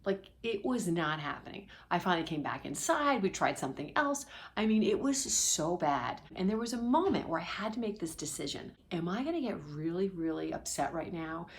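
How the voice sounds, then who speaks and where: A middle-aged woman coaching other parents in a casual, confiding vlog, telling a story with lively energy and at times dropping to a whisper, recorded indoors at home. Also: on the low side, moderate pace, few pauses. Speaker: parenting coach for ADHD families.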